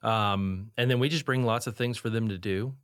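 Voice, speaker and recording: A man who is a guest on a podcast, explaining in a relaxed, casual way with frequent fillers. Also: fairly low pitch, normal speed, no room sound, studio quality. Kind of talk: casual chat.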